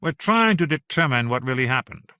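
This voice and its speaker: A man's voice: medium pitch, sing-song, brisk, bright, forceful tone, clear, resonant tone, no room sound, pitched above the performer's own voice. A man voicing an eager male investigator asking questions on a call, in an audiobook reading. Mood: pressing. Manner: pressing, inquisitive questions. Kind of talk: audiobook dialogue.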